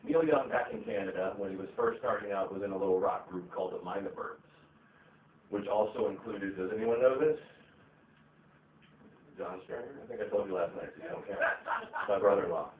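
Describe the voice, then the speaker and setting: In a fairly quick, lowish voice, a man performs a stand-up set on a comedy venue stage, rambling, swearing, and using plenty of fillers. The live recording is distant, tinny, and echoey.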